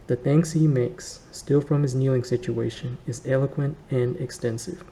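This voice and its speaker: Male audiobook-style reader, gravelly, flat and measured delivery. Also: mid-range voice, poor audio. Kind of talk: reading a novel aloud.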